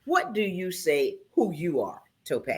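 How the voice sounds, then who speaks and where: An animated talk show hostess who speaks with a lively, swinging pitch. She is effusive and emotional and keeps tripping over her words as she introduces and questions her guest. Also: unhurried. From Charleston, South Carolina.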